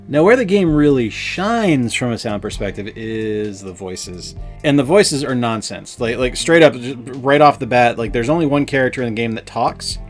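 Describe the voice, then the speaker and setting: A man's voice: mid-range voice, expressive, moderate pace, hardly any pauses, soft background music. A man co-hosting a casual game review, talking with enthusiasm and lots of fillers. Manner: enthusiastic, rambling with many fillers.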